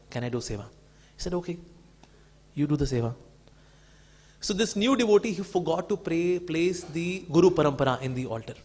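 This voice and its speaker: Indian man telling devotional stories. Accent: Indian English. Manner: acts out quoted dialogue, softer and lower for the guru, higher for devotees; clears throat between stories. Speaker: speaker glorifying his guru. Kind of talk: devotional storytelling talk.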